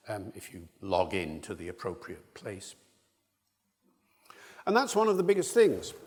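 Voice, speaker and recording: An older male linguist lectures to an audience in a hall, his middle-pitched voice carrying a long reverb. He is discursive and enthusiastic, often breaking off for asides. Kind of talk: public lecture.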